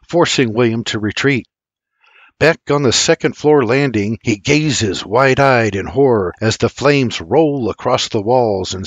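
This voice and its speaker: A man's voice: medium pitch, no room sound. An older man reading an audiobook with intense, dramatic storytelling. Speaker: audiobook narrator. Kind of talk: scripted dramatic audiobook narration.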